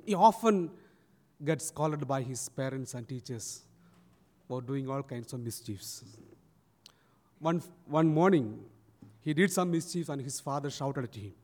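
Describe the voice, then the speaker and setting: A man's voice: mid-range voice, animated, measured pace, pauses often, darkish tone. A man preaching a sermon, telling a story and acting out its people. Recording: long church reverb.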